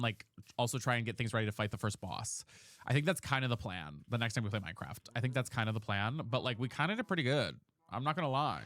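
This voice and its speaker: Chatty, animated male game streamer. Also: mid-range voice, a little hiss or hum. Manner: chatty and dramatic, thanks viewers by name. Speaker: live streamer. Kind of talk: casual live-stream chat while gaming.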